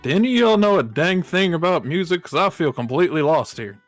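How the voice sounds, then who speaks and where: A man's voice: on the high side, animated, fast talker, soft background music, voice pushed up, close to an everyday voice. A man voicing a big, bumbling knight with a put-on American Southern drawl and folksy, exasperated grumbling. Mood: earnest. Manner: folksy, exasperated, says 'ding dang'.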